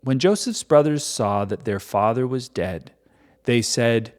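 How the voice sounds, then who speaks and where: A man's voice: mid-range voice, expressive, measured pace. A man reading scripture aloud and adding irreverent, sarcastic commentary.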